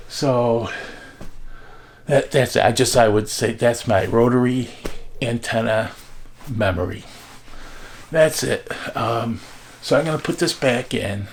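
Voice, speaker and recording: An older man with a gravelly voice, rambling casually through old newspapers with many fillers and asides. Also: mid-range voice, lively intonation, measured pace, pauses often. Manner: meandering, chatty, many fillers. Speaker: vlogger reading old newspapers. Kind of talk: casual rambling show-and-tell.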